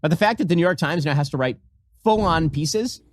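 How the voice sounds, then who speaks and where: Brief: male pundit, sardonic, fairly high and very animated voice. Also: fairly quick, no echo, clean studio sound. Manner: emphatic, sardonic, reads quotes aloud. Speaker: political commentator. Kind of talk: fast opinion commentary.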